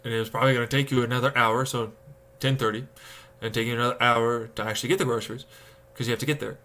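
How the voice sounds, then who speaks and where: Young male streamer, bright tense voice, profane ranting chat, mid pitch. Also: fast. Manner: animated, profane, ranting, acting out exasperated inner voices. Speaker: livestreamer. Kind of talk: casual rant to stream chat.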